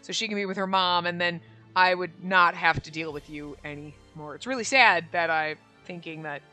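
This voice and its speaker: A woman's voice: lowish voice, normal speed, pushed and bright. A young woman giving sarcastic, exasperated commentary with frequent swearing while playing and reading a visual novel aloud. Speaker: gaming streamer. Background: faint game music.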